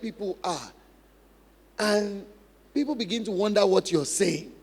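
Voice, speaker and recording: A man's voice: high voice, measured pace, long pauses, breathy edge. A man preaching a sermon as pastor, emphatic, repeating key phrases and acting out practice drills. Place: large church hall. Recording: long hall reverb.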